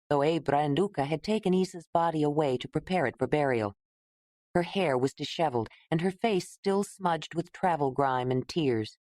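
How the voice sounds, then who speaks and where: Low-voiced woman narrating an audiobook. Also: darkish tone, no echo, clean studio sound.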